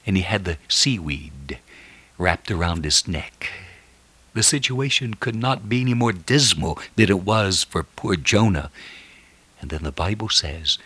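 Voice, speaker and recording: Deep, husky-voiced preacher man. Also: expressive, unhurried, pushed and bright, no room sound. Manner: earnest, prayerful delivery. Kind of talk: sermon and prayer.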